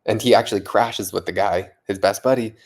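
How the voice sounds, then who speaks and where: A man's voice: on the low side, steady tone, fairly quick. A man vlogging late at night, a little tipsy from vodka, rambling, swearing and repeating himself in amazement. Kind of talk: casual late-night vlog monologue.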